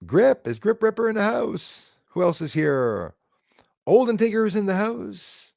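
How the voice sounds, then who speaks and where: A man's voice: high-pitched, big pitch swings, measured pace, gravelly, darkish tone, dry recording, studio quality. Rambling man on a livestream. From Canada. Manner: rambling, chatty, thanks viewers by name. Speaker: livestream host. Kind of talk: casual livestream chat.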